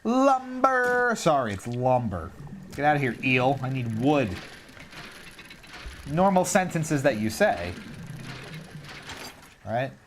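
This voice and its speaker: A man with a mid-range voice streams a video game, chatting casually to himself and joking about his own mistakes. He speaks slowly with long pauses, sounding animated, jokey and self-mocking, and there's a little hiss or hum in the recording. It's casual live gameplay commentary.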